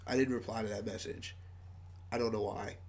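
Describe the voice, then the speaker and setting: A man's voice: medium pitch, wildly swooping pitch, slow pace, bright, forceful tone, breathy edge. A man, a podcast guest from a band, telling a rambling story with lots of "like"s and frequent laughs. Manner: rambling, many "like"s, laughs often. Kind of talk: casual storytelling.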